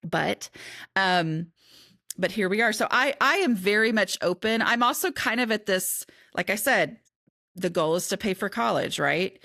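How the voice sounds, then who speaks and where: A woman's voice: mid-range voice, lively intonation, a little slow, vocal fry, bright, forceful tone, no room sound, studio quality. A middle-aged woman, an author and podcast guest, talking in a chatty, candid way and often interrupting herself. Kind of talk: casual conversation.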